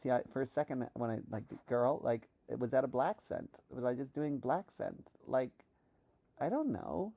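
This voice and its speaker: A woman from New York thinking aloud in a reflective solo monologue, halting with many restarts while she practices a trained voice. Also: very deep voice, fairly even intonation, mellow. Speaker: vlogger.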